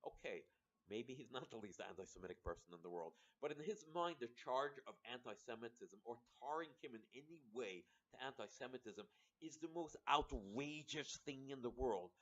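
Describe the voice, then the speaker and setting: A man delivers a loose, meandering political monologue at a middle pitch. He often restarts mid-sentence and briefly acts out what others say. The recording is dull and lo-fi. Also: expressive, moderate pace, a bit bright. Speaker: commentator.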